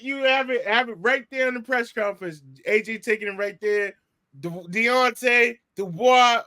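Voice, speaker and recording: A man's voice: sits high, pushed and bright, no room sound, studio quality. A man co-hosting a casual boxing podcast, rambling in slang with frequent restarts. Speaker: podcast co-host.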